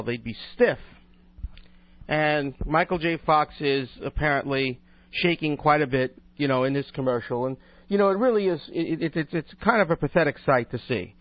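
A man's voice: a little high, dry recording, highs cut off. A man hosting his own talk radio show, chatting in a rambling, opinionated way with lots of restarts. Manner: rambling, with many restarts and asides. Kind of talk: casual talk radio monologue.

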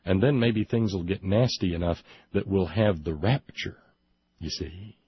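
A man's voice: low-pitched, unhurried, husky, no room sound, dull audio. A man delivering a sarcastic commentary monologue, mocking and indignant in turns, with hesitant restarts as he reads from a report. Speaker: political commentary host.

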